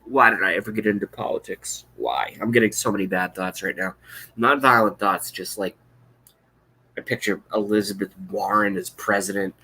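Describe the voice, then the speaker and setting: A man in his thirties rants on a live stream, blunt, sarcastic and profane. His voice sits low but cuts through with a sharp, forceful edge. He reacts to chat comments as they come in. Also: moderate pace, slightly rough. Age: 30s. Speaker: political vlogger.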